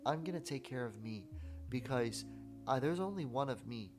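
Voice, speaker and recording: A man's voice: mid-range voice, animated, moderate pace. A man hosting a podcast, speaking reflectively in a casual interview. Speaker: podcast host. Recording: guitar music playing under voice.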